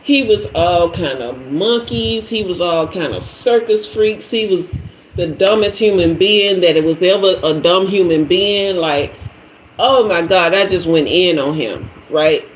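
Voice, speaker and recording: A woman's voice: on the low side, a little slow, reverberant, a little hiss or hum, low-quality recording. A woman hosting a live stream, telling a story to her viewers in a casual, slangy way and laughing as she goes. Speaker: tarot live stream host.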